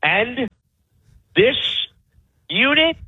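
A man's voice: very high voice, very animated, very slow, breathy edge. Angry ranting man on a phone line. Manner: heated, profane ranting. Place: resort room on vacation. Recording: tinny phone-like call audio.

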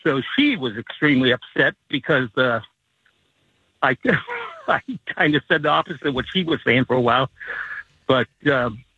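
A man calls in to a radio show and tells a story at an easygoing pace, with a lot of fillers along the way. His voice is a little husky. It comes through a tinny phone line that sounds dry and close. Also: medium pitch, normal speed, no room sound. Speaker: caller. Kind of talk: telling a story on call-in radio.

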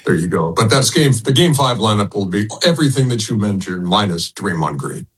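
A man's voice: fairly low pitch, expressive, fairly quick, breathy edge, rough recording. An older man, a sports broadcaster, talking as a guest in a casual radio interview, rambling with frequent restarts and chuckles.

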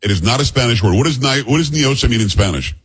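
A male radio talk host with a husky, slightly rough voice that swings up and down as he tells his stories. He talks fast and keeps things jokey and animated. Casual banter with his co-host. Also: mid-range voice. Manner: animated storyteller, jokey asides.

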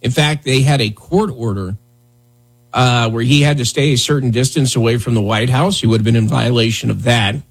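A man's voice: medium pitch, steady tone, a little fast, slightly rough. A man hosting a morning radio show, talking casually and sarcastically with lots of fillers. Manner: loose, sarcastic, rambling with fillers. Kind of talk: casual talk radio commentary.

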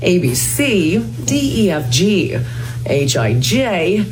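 A woman puts on a mock news anchor with a lilting, swooping delivery. She draws every word out slowly, her pitch rising and falling widely. Music plays behind her. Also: sing-song. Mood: mock-formal. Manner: exaggerated rising newscaster lilt on each letter. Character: woman mimicking a sing-song female news anchor. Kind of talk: clip from social media.

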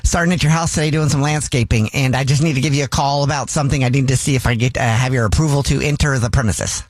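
A man's voice: mid-range voice, fast talker, dry recording. A man making a prank phone call on radio, playing a flustered, hesitant landscaper.

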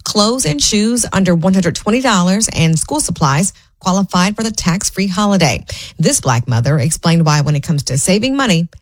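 A woman's voice: fairly low pitch, no room sound. Woman reading the news, dry studio sound. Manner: steady, measured delivery. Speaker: news anchor. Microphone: studio microphone.

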